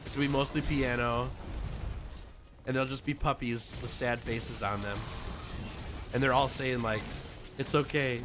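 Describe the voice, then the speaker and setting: A man's voice: mid-range voice, fairly even intonation, normal speed, long pauses, noisy background. A man streaming a game, chatting casually and playfully with his viewers, laughing often and reading their messages aloud. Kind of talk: casual livestream chat with viewers. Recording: game music playing behind.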